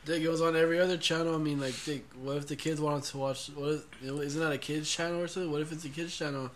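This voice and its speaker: A man's voice: a little high, fairly even intonation, rapid-fire, fairly bright tone. Man, casual podcast banter, swearing, restarts, faint noise. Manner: laid-back, swears, trails off and restarts. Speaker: podcast co-host. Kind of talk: casual chat.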